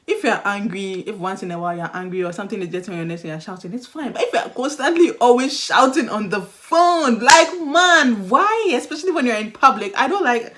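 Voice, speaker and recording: A young adult woman giving casual dating advice in a chatty, animated vlog style, often acting out the voices she quotes. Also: mid-range voice, fast, few pauses, a little hiss or hum. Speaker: vlogger.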